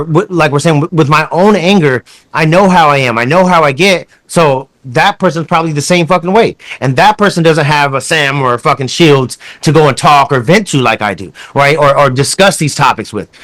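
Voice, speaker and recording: Profane, rambling man, a bit high. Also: a bit bright. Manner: rambling, profane, many restarts. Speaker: podcast host. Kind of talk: casual chat.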